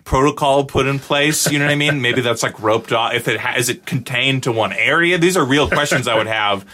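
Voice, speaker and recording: A man's voice: mid-range voice, a little fast, sharp tone. A man explaining improv comedy in casual conversation, often checking in with "you know what I mean?". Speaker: improv teacher. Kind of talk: casual chat.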